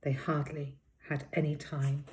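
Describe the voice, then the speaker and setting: A woman reading a children's novel aloud in a steady, expressive storytelling manner. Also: low-pitched, a little slow, slight background noise. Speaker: storybook reader.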